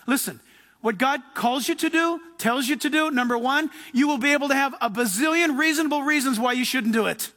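A man's voice: extremely high pitch, animated, normal speed, pushed and bright. A man preaching a sermon to his congregation, emphatic, acting out the people in the scriptures he quotes. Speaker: pastor. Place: church before a live congregation. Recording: long hall reverb.

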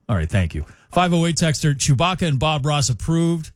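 A man's voice: on the high side, fairly quick, hardly any pauses, dry recording. Male rock radio host, jokey and chatty, dry close studio sound. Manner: jokey, animated, reads listener texts. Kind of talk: casual radio chat. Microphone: studio mic.

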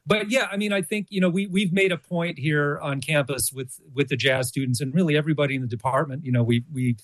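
A man's voice: fairly high pitch, fast talker, no echo. A man, a college jazz orchestra co-director, answering interview questions thoughtfully, with frequent fillers and restarts. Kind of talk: radio interview.

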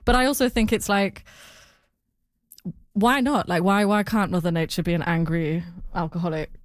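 A woman being interviewed about a podcast she made, talking in a chatty, animated way with lots of "like" and "I mean.". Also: lowish voice, moderate pace, dry recording, clean studio sound. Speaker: podcast creator, interview guest. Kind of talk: interview answers.

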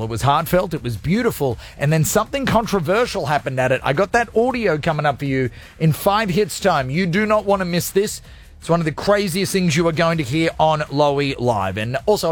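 A male radio host chatting on air in a playful, jokey, rambling way from a studio. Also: fairly high pitch. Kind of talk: energetic radio show chat.

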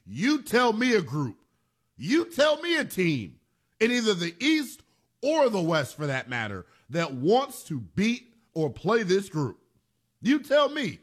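A man's voice: sits high, a bit bright. A man hosting a sports talk radio show, delivering an emphatic monologue and repeating phrases for punch.

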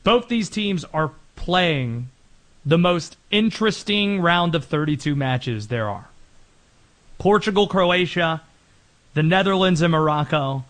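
A man hosting a sports talk show, running through players and teams with energetic, emphatic delivery. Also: fairly high pitch, slow. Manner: energetic, emphatic, rattling off names. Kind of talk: sports commentary segment.

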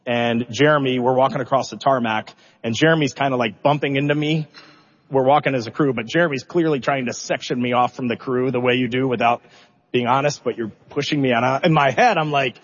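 A male mission commander speaks with open emotion and a talkative, self-deprecating warmth as he fields questions. His voice sits in a middle register. The audio is muffled and lo-fi, with a long reverb trailing off in a large hall. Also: mid-range voice, a little fast. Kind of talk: answering questions at a press event.

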